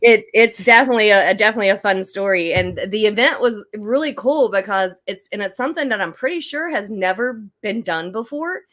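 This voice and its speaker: A woman's voice: medium pitch, lively intonation, fairly quick, few pauses, a bit bright. An older woman, an author guest on a podcast, talking casually with frequent laughs and fillers. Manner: chatty, laughs often, many fillers and restarts.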